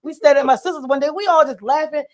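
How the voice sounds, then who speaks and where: Blunt, high-voiced woman host. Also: fast talker. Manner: blunt, profane, laughing storyteller. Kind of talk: casual storytelling chat.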